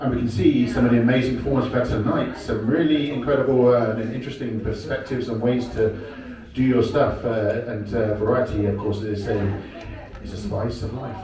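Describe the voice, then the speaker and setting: A man's voice: mid-range voice, fairly even intonation, a little fast. A man hosting an open mic game on stage, chatty and hesitant, with many fillers and laughs. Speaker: host. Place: bar stage with audience. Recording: echoey room, mic from far off, crowd noise.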